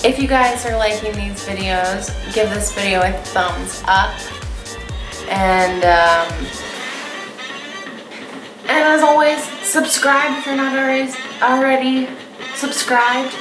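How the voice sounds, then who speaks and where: Woman vlogger, fairly high voice, joking and sarcastic, reads stories aloud; roomy echo, music underneath. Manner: playful, sarcastic, quick to laugh. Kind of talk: casual vlog, reading stories aloud.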